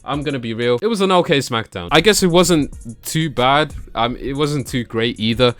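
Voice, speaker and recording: A young man recapping wrestling shows in a casual vlog, excitable and slangy, laughing often and mimicking the wrestlers. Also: mid-range voice, normal speed, soft background music. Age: young adult. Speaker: wrestling YouTuber. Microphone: camera that tracks him.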